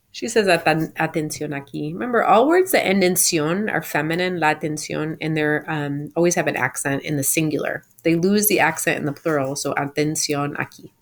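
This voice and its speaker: A woman teacher giving a recorded lesson from home, explaining patiently and saying example phrases slowly and clearly. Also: deep voice. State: home sick. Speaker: Spanish teacher.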